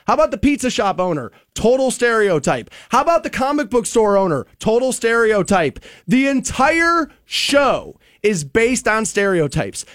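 Male podcast host, heated, profane, emphatic, highish voice, dry close sound. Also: dry recording. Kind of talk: opinionated podcast rant.

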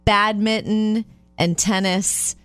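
A woman's voice: medium pitch, slow pace, no room sound, soft background music. A woman co-hosting a radio show, chatting casually and reading light news features with a bubbly, laughing manner. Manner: bubbly, laughs often, animated storytelling.

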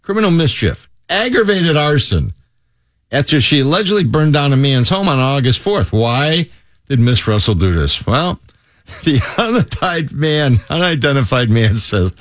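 Chicago-accented male co-host, lively and jokey, close dry mic. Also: medium pitch, moderate pace, dry recording. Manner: animated, laughing, puts on voices for quoted people. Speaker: podcast co-host. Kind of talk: casual news banter.

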